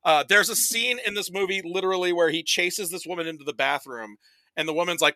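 A man speaking as a podcast guest in casual chat, telling animated, profane stories. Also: fairly high pitch, a little fast, dry recording.

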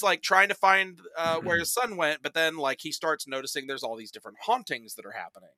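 A man's voice: fairly high pitch, animated, a little fast, few pauses, pushed and bright, dry recording. A man on a casual podcast, recapping movies in a rambling, profane way, full of "like" and acted-out quotes. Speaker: podcast guest reviewing movies.

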